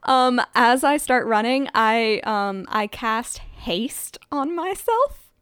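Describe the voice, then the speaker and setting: A woman's voice: a little high, lively intonation, takes it slowly, a bit bright, clean tone, no echo, studio quality. A woman playing in a tabletop role-playing game, describing her character's actions in a casual, playful way. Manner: playful, laughs often. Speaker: player.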